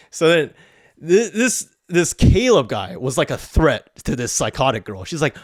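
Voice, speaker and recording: A man's voice: medium pitch, big pitch swings, moderate pace, no echo, clean studio sound. A man hosting a podcast, telling a story in a blunt, profane, heated rant. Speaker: podcast host. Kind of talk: ranting storytelling.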